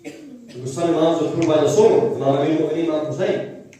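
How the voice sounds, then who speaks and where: Male preacher, devotional sermon, half-sung grief, mellow tone, distant in a boomy hall. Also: animated, fast. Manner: builds from quiet storytelling to wailing, half-sung grief. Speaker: speaker at a mourning gathering. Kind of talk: devotional sermon with chanted lament. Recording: echoey hall, voice from far off mic.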